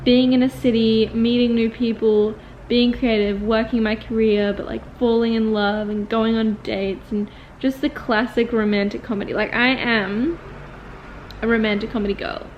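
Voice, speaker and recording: A young woman in her twenties chatting straight to camera, her voice sitting a little high. She rambles in a relaxed, confessional way, full of "like" fillers. The recording sounds slightly dull and lo-fi, with a faint hiss behind her. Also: moderate pace. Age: 20s. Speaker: vlogger and acting student. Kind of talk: casual confessional vlog talk.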